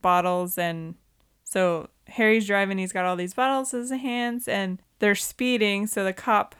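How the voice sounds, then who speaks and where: A woman's voice: medium pitch, fairly even intonation, measured pace, fairly bright tone, clear, resonant tone. A woman co-hosting a podcast, chatting casually about a movie and recounting scenes. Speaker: podcast co-host. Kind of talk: casual movie-review chat.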